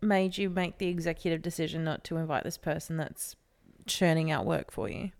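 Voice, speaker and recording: A woman's voice: sits low, steady tone, gravelly, a little mellow. A young woman co-hosting a podcast, chatting casually and asking curious questions. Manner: curious, quick questions and agreeing. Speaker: podcast co-host. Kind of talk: casual gossip chat.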